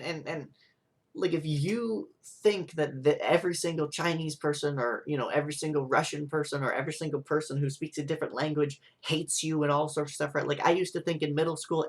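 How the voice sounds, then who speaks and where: Rambling, frustrated young man. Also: a little high. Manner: rambling, frustrated, full of "like" and "right?". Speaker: vlogger. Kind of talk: ranting monologue.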